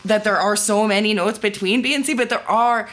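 A woman's voice: mid-range voice, a little fast, a bit bright. A woman from the Seattle area, a podcast guest asking curious questions and giggling in casual banter.

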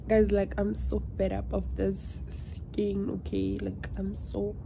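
A woman's voice: medium pitch, little pitch movement, takes it slowly, creaky, darkish tone, a little hiss or hum. A South African woman in her twenties chatting casually in a vlog, emotional and switching languages mid-sentence. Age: 20s. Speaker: vlogger.

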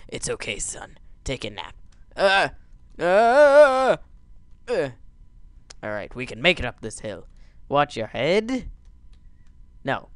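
A man's voice: mid-range voice, sing-song, unhurried, fairly bright tone, no room sound. A man doing goofy gameplay commentary, yelping and joking whenever his character crashes. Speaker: let's play gamer.

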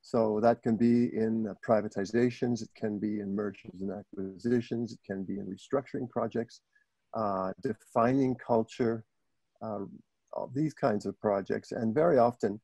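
Canadian French-accented male speaker, gravelly and mellow, halting delivery full of fillers, dry close sound on a video call. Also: lowish voice, steady tone, dry recording. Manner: hesitant, many filler words and throat clearing.

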